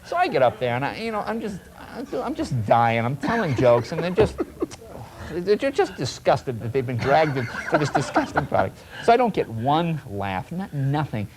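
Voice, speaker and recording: A man who is a talk show guest and comedian, telling a comic story in an animated way and jumping into voices for the people in it, in a noisy old TV broadcast recording. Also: on the high side, normal speed. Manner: animated, jumps into voices for the people in his stories.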